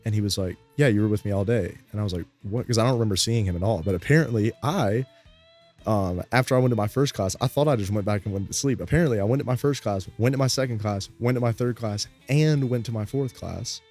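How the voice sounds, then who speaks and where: Rambling low-voiced young man. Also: fast talker, darkish tone, soft background music. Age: young adult. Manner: rambling, laid-back, lots of fillers. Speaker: storyteller. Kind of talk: casual storytime.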